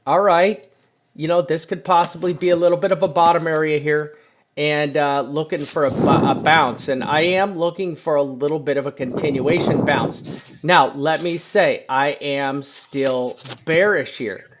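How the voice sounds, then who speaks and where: A man walking through crypto price charts in casual talk, full of fillers and a repeated "right?", slowing down to stress his warnings. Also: on the high side, fairly even intonation, a little hiss or hum. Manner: talks fast and loose with many fillers, repeated "right?".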